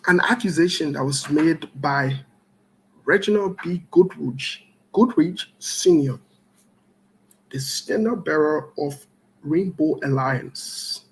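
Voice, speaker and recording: Heard on a low-quality recording, a man with a fairly high voice hosts a call-in show. He works through callers in a steady string, greeting each by name with joking asides, then moves to political talk, speaking slowly and deliberately.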